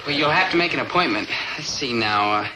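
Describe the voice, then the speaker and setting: An actor playing a glum, lovesick teenage boy with a wry, deadpan manner. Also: mid-range voice, a little fast, crowd noise, background noise, close to an everyday voice. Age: young adult.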